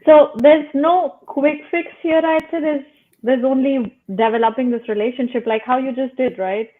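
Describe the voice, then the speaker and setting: A woman guest calmly explaining how the body and nervous system work, using simple metaphors and checking in with "right?". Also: high voice, moderate pace. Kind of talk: casual explanatory talk. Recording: tinny phone-like call line.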